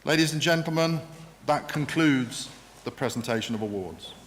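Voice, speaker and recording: A man presenting graduates at a ceremony, reading names in a measured, formal way. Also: mid-range voice, animated. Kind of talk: formal announcing. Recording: reverberant hall with noticeable noise.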